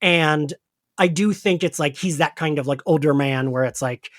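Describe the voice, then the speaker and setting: A man's voice: fairly high pitch, moderate pace, a bit bright, no echo, studio quality. A man hosting a podcast in casual chat, recapping an episode in a rambling way, full of fillers and casual swearing. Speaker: podcast host.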